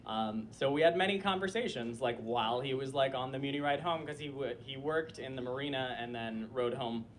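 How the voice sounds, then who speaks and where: Male storyteller, live club set, easygoing and rambling, mid-pitched voice, faint room noise behind. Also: fairly quick. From Minneapolis. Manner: casual, rambling with fillers. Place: small club stage.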